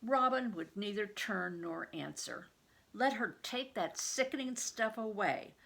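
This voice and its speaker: A woman's voice: medium pitch, lively intonation, unhurried, creaky, fairly bright tone. An older woman, a retired reading teacher, reading a storybook aloud and patiently stopping to explain words to children.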